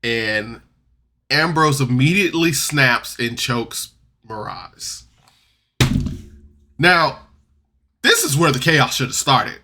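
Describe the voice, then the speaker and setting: A man recapping a tabletop game podcast episode in a loose, rambling way, jumping between loud outbursts and mumbled asides. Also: medium pitch, expressive, slow, pauses often, a little hiss or hum. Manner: rambling, loose, full of "like" and restarts. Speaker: podcast reviewer. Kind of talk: casual recap and commentary.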